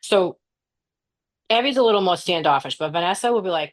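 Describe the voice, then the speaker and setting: A woman's voice: medium pitch, expressive, brisk. A woman in her forties co-hosting a podcast in casual chat, laughing often and speaking bluntly with plenty of swearing. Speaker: podcast co-host.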